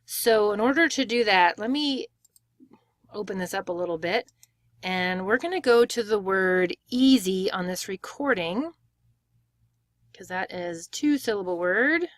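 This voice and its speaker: Woman, pronunciation teacher, tutorial, clear step-by-step explaining, mid pitch, dry sound. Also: expressive, a little slow, dry recording. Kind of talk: screen-share tutorial.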